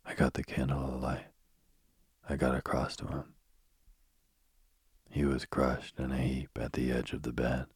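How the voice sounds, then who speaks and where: A man reading a spooky bedtime story in a soft, slow, husky whisper, close to the mic. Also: extremely low pitch, completely flat delivery, dry recording.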